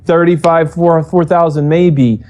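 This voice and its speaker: A man's voice: on the high side, a little slow. A man being interviewed as an esports coach, telling a story casually with lots of swearing and acted-out quotes. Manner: profane, animated, acts out quoted exchanges.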